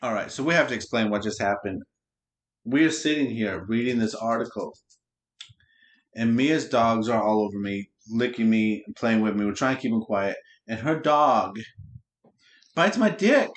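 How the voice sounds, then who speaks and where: A man's voice: lowish voice, animated, normal speed. A man co-hosting a podcast in casual chat, joking crudely and laughing often. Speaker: podcast co-host. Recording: roomy echoey room.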